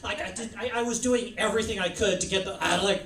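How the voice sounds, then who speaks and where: A man's voice: high voice, steady tone, fast talker, crowd noise. A man doing rambling, self-deprecating stand-up comedy in a comedy club. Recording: echoey club, mic from far off.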